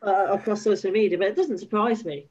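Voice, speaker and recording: A woman talking football on a video call, halting and restarting often, heard through lo-fi call audio. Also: mid-range voice, darkish tone, breathy edge. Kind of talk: casual football chat over a video call.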